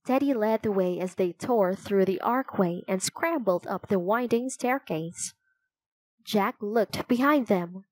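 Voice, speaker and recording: Slow, dry-voiced woman reading a storybook. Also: mid-range voice, no room sound, low-quality recording. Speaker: storybook narrator. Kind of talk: reading a children's chapter book aloud.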